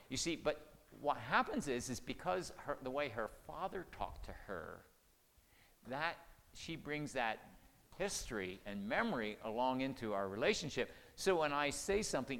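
A man's voice: medium pitch, a bit bright. An older man giving a folksy, conversational sermon, chuckling and acting out quoted lines. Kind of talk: sermon on marriage communication. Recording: long hall reverb.

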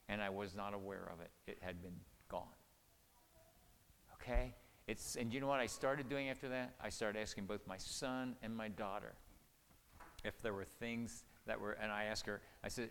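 A middle-aged man gives a sermon in a gravelly, creaky voice. He talks in an earnest, folksy way and drops soft and low when he quotes what he said to his family. His voice rings with a long reverb from a large hall, with a faint hiss behind it. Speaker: pastor or marriage speaker. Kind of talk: sermon with personal stories.

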